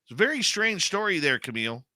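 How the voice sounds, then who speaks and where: A man hosting a radio interview, reacting to his guest with drawn-out emphasis. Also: a little high, very animated, pushed and bright. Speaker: radio host. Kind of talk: casual interview talk.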